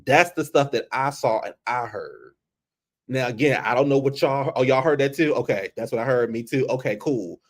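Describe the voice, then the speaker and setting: A man giving a casual, profane recap of a show on camera, animated and repetitive. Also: mid-range voice, normal speed, background noise. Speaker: show reviewer.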